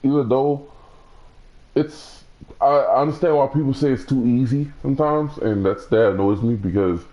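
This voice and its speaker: A man's voice: mid-range voice, normal speed, dark tone, rough recording. A young man talking casually about a video game he plays, rambling with many restarts and fillers. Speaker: gaming streamer. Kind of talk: casual gaming commentary.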